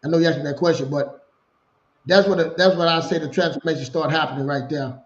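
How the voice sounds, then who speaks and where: Man, 40s, guest on a call, animated storyteller, slightly high voice, echoey dull line. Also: fast talker. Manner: animated, repeats himself, acts out dialogue. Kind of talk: casual storytelling. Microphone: video call. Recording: lo-fi roomy video call.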